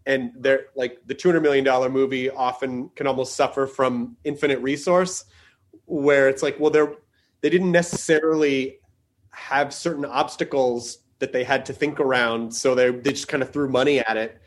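A man's voice: medium pitch, flat delivery, moderate pace. A man from Tennessee hosting a casual interview, talking in long rambling sentences full of restarts. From Southern US, Tennessee. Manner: rambling, many restarts and fillers. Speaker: podcast host.

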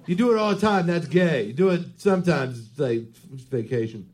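A man's voice: on the high side, animated, a little fast, darkish tone. A man appearing as a comedian guest on a live show, riffing and joking. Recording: live audience laughter audible. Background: audience laughing.

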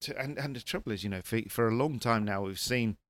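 A man talking rally as a pundit in casual panel chat, animated and repeating words as he presses his points. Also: medium pitch, quick pace, no echo.

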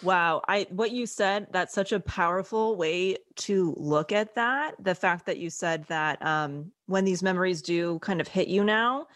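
A woman's voice: lowish voice, a little slow, few pauses, dry recording. A woman hosting a podcast interview, speaking in a casual, supportive way. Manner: warmly supportive, casual, swears. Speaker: podcast host. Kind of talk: conversational interview.

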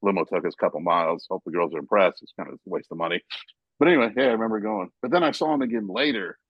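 A man on a casual podcast, telling stories with animated, loud acted-out quotes. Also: sits low, rapid-fire, breathy edge, no echo, muffled recording. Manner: animated storyteller, acts out quotes loudly. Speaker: podcast guest, basketball writer.

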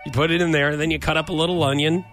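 A man in casual chat, animated and playfully defensive about his cooking. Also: fairly high pitch, racing, over music.

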